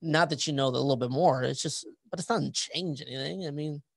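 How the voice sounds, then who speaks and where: Gravelly man chatting casually. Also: fairly high pitch, quick pace, no room sound. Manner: rambling, repeats words, swears casually. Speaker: podcast host and author. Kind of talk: casual interview chat.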